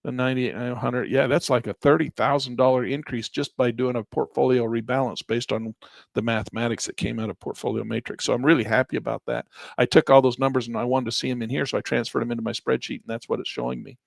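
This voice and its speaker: A man teaching a live trading session, talking through charts and spreadsheets in an animated, sarcastic, conversational way. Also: mid-range voice, fast, gravelly, dry recording. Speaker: trading instructor. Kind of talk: live trading training, screen walkthrough.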